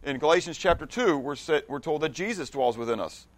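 A Bible study teacher leads an interactive class in a rather high, lively voice, talking a little fast. He reads scripture aloud with emphasis, frequently restarts or repeats words, and keeps pausing conversationally to make sure his listeners follow.

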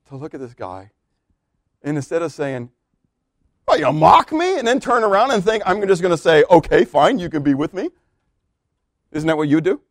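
A male pastor preaching with a high, lifted voice. He is animated, jumping from loud exclamations down to quiet asides. The sound is dry and close. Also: dry recording. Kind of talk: sermon.

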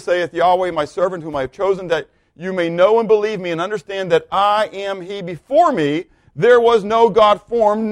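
A man preaching a sermon, teaching with frequent questions to the congregation and reading scripture slowly with emphasis. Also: fairly high pitch, no echo. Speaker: pastor.

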